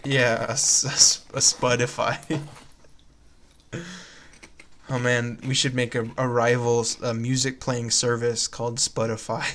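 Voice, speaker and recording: A man's voice: medium pitch, flat delivery, unhurried, fairly bright tone. A young man co-hosting a comedy podcast, chatting casually in a rambling way and laughing at crude jokes. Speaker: podcast co-host.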